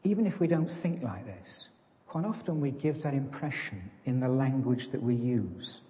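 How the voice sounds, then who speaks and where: A man preaches to his congregation in an easy, conversational way, poking fun at himself. His voice is mellow and relaxed. The sound rings with the long reverb of a church. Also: mid-range voice, moderate pace. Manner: conversational, self-deprecating, plays farmer joke. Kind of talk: sermon.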